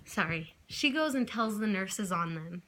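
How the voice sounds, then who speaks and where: A woman's voice: mid-range voice, expressive, measured pace, background noise. A woman in her twenties telling a personal story to camera in a casual, rambling way, often apologizing and backtracking. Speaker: vlogger.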